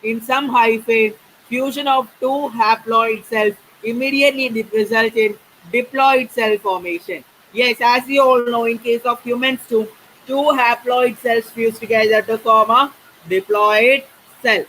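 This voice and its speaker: A man teaching a biology class online, often pausing to check in with his students. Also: extremely high pitch, fairly even intonation, sharp tone, a little hiss or hum, low-quality recording. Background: faint rain.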